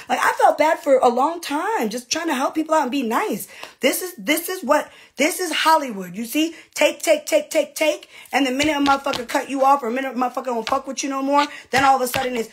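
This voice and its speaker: A woman's voice: sits high, expressive, a little fast, fairly bright tone, husky. A woman, a reality TV personality, in a casual livestream rant to her fans, brash and profane with mocking asides.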